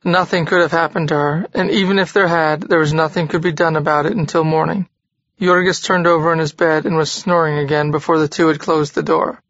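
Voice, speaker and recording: Man narrating in a slightly high voice. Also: little pitch movement, fairly quick, fairly bright tone, dry recording, lo-fi sound. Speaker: audiobook narrator. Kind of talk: scripted narration of a classic novel.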